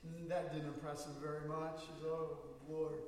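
A man's voice: fairly high pitch, a little fast. A male pastor preaching a sermon in a church, telling stories and acting out the people in them. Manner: storytelling, animated quoting of people. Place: church sanctuary. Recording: echoey hall, voice from far off.

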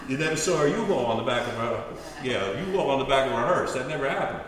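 A male pastor preaching a sermon in an animated, earnest, storytelling manner. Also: medium pitch, normal speed, long pauses, background noise. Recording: echoey hall, distant mic.

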